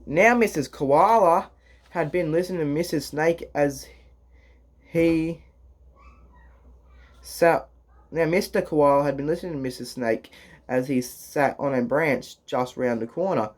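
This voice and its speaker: Slow, halting man reading aloud. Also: a little high. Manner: halting, slow, restarts lines, swears in asides. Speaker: reader. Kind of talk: casual children's book read-aloud.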